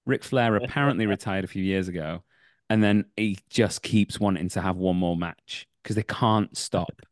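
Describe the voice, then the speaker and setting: A man's voice: low-pitched, normal speed, no room sound, studio quality. A man in his thirties, an actor guest on a podcast, talking casually and rambling through many fillers and restarts. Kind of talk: casual interview chat.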